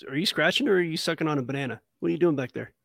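Gravelly, slightly high-voiced man. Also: racing, fairly bright tone, no echo, studio quality. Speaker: podcast host. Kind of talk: casual chat.

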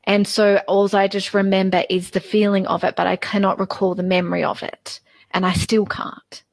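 A woman in her forties, a guest in a personal interview, speaking haltingly and repeating words as she opens up. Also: mid-range voice, flat delivery, vocal fry, no room sound. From Australia.

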